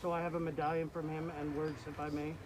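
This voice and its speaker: A man formally reading a letter aloud before a royal court, in a measured and ceremonial manner. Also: fairly high pitch, level tone, background noise.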